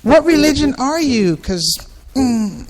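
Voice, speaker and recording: A man's voice: very high voice, sing-song, takes it slowly, pitched above the performer's own voice, heavily acted. A man voicing a flustered, nosy woman who prods with questions, filling her speech with hesitant ums, as a comic bit on a stand-up stage.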